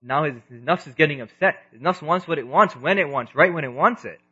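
A man's voice: on the high side, a little fast, husky. Earnest male preacher, muffled recording. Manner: earnest, shifts between loud emphasis and quiet asides. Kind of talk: religious lecture. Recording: dull lo-fi recording.

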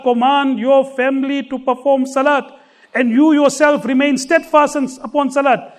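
A man's voice: very high voice, fairly even intonation, normal speed. A man preaching a sermon, telling a story and reciting scripture with emphatic repetition. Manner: emphatic, recites scripture, repeats key phrases.

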